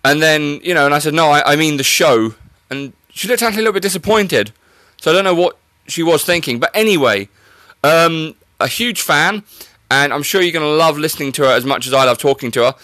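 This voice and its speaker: Joking male podcast host, slightly high voice. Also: lively intonation, a little fast, bright, forceful tone, no room sound. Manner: joking, self-mocking, teasing. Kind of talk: casual chat.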